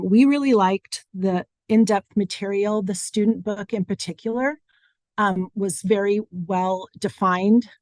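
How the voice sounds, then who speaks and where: Woman, school representative, measured explanation, dry close sound. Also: mid-range voice, darkish tone, dry recording. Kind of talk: reporting in a virtual meeting.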